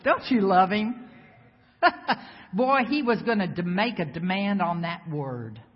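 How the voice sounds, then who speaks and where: A woman preacher delivering a lively sermon, bantering with the congregation and firing off rhetorical questions. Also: medium pitch, takes it slowly, breathy edge. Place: church sanctuary before a congregation. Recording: echoey hall, slightly dull sound.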